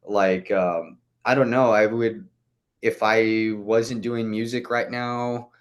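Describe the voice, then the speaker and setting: A man's voice: fairly low pitch, fairly even intonation, slow pace. A young man chatting as a podcast guest, rambling with lots of "like" fillers and casual swearing. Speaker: guest musician.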